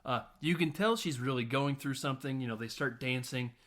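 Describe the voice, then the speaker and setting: Man, podcast host, casual film recap, swears freely, laughs often. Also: mid-range voice. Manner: animated retelling with quick voiced quotes.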